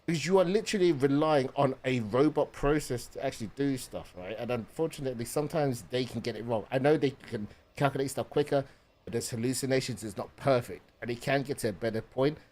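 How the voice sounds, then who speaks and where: A man chatting while he streams a video game, speaking casually with plenty of fillers and self-corrections. He drifts through his thoughts out loud and keeps checking in with his teammates. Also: medium pitch, quick pace, slight background noise. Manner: rambling, lots of fillers and restarts. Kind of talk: casual chat while gaming.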